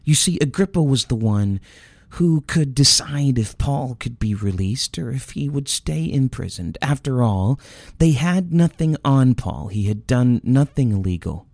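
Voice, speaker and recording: A male preacher delivering an earnest, emotional sermon. His voice is gravelly and a little husky, and he speaks slowly. The sound is dry and close, with no room echo. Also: medium pitch, lively intonation, a little mellow.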